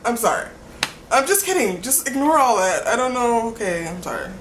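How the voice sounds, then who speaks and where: A woman's voice: fairly high pitch, big pitch swings, moderate pace, very noisy. A young woman rambling in a casual vlog, giggly and apologetic, stringing thoughts together with lots of "like". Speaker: vlogger. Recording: echoey room with faint ambience.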